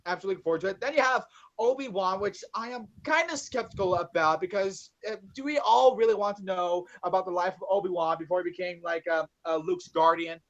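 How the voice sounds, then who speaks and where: A man's voice: high voice, fast talker, fairly bright tone, highs cut off. A man co-hosting a casual podcast about movies, rambling with many fillers and swearing. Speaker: podcast co-host.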